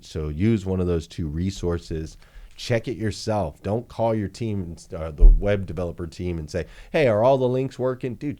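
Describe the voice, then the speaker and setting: Emphatic male business coach. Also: deep voice. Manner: energetic, emphatic, repeats points for punch. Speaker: dealership marketing coach. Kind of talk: motivational business training talk.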